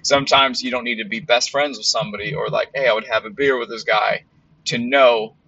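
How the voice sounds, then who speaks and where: A man's voice: medium pitch, steady tone, fairly quick, bright, forceful tone, husky, no room sound, highs cut off. A man hosting a podcast in a casual monologue, blunt and rambling, with lots of fillers and some swearing. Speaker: podcast host.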